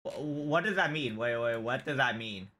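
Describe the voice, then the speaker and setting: A man streaming live, reacting to stories with giggly, animated commentary and drawn-out exclamations. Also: medium pitch.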